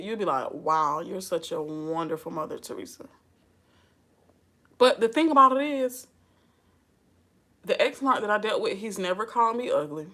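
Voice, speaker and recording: A woman's voice: medium pitch, sharp tone. Woman, vlogger, casual chat, sassy, chatty, laughs often. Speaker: advice vlogger.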